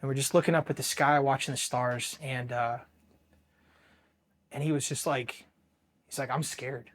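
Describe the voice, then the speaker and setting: A Marine veteran from Ohio recounting combat in a raw, profane interview, halting and restarting often, going quiet at the painful parts. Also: male voice, medium pitch, fairly even intonation. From Ohio, USA. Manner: emotionally charged, dropping quiet at painful moments. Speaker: Marine veteran telling his war story. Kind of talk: personal interview storytelling.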